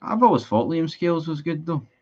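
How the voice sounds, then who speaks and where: A man's voice: a little high, big pitch swings, a little fast, darkish tone, lo-fi sound. A Scottish man streaming a live football watchalong, chatting with his viewers, frustrated and sweary about his team. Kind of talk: live match watchalong commentary.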